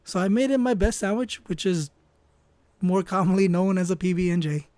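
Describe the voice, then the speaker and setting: A storyteller and artist with a fairly high, brisk, darkish voice rambles through a comedic story as he draws. He's offhand, hedging and trailing off, full of "you know" and "I don't know." The sound is close and dry, with no room echo.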